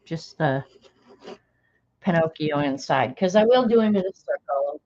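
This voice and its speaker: On a dull lo-fi stream, a middle-aged woman draws while chatting casually and talking to herself. Her voice is low and darkish in tone, animated yet a little slow.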